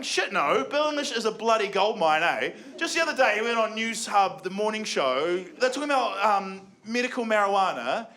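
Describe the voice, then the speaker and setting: A man's voice: sits high, animated, moderate pace, hardly any pauses. A young man with a New Zealand accent doing live stand-up comedy, sardonic and sweary, often laughing at his own jokes. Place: comedy venue before a live audience. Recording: loud crowd laughter and room noise.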